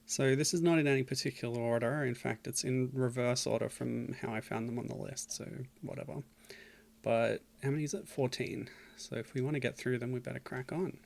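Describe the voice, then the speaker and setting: A man's voice: mid-range voice, fairly even intonation, a little fast, creaky. A man streaming a game, chatting casually and reading game text aloud with dry, self-mocking asides. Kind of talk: casual gameplay commentary.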